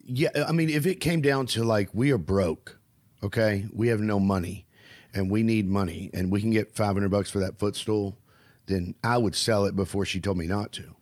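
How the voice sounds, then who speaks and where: A man's voice: lowish voice, moderate pace, darkish tone, no room sound, clean studio sound. A man with a Southern US accent, hosting a casual chat and telling rambling stories. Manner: rambling, storytelling.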